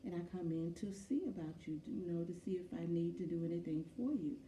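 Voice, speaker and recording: A woman voicing a calm, patient woman nurse who soothes a frightened patient. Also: on the low side, fairly quick, a little hiss or hum, lightly acted. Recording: echoey room, from far off.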